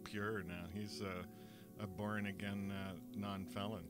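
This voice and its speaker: A man's voice: lowish voice, level tone, slow, over music. Joking man with a Californian-Canadian accent. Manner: joking, dry quips. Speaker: co-host and guest. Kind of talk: casual chat.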